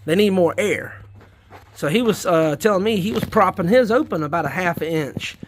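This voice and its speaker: A man's voice: high voice, lively intonation, moderate pace, slight background noise. A man with a Southern US accent, chatting folksily to viewers in a rambling, casual way while tending his worm bins in a shed. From South Carolina, US. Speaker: worm farmer vlogger. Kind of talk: casual vlog chat while working. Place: garden shed.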